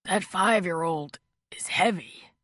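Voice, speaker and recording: A woman voicing a hurt, weakened man in an audiobook, speaking in a raspy, strained voice. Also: lowish voice, slow, no room sound, clean studio sound. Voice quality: raspy, weak. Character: injured, weakened adult man.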